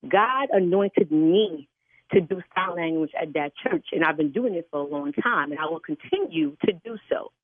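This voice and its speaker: A woman's voice: fairly low pitch, expressive, moderate pace, dry recording. An older woman who interprets sign language at church, stern and scolding on a phone call. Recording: tinny phone line.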